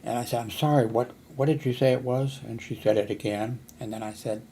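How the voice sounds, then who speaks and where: A man's voice: mid-range voice, steady tone, a little fast, warm tone, slight background noise. An older man who is hard of hearing, telling a meandering personal story full of fillers and restarts. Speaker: vlogger.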